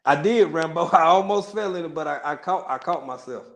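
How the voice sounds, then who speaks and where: A Texas man with a Texan accent hosts a livestream, chatting casually with viewers while joking, laughing often and wandering into asides. His voice is a little high and fairly quick.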